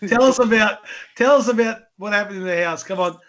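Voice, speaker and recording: A man's voice: high-pitched, a little fast, fairly bright tone. A man hosting a podcast, asking questions in a loose, rambling way with some swearing. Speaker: podcast host. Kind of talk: casual podcast interview.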